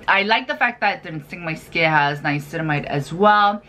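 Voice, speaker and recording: Chatty female beauty vlogger, lower register, lively filler-heavy delivery. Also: normal speed, a little hiss or hum. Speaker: skincare vlogger. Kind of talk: casual product review chat.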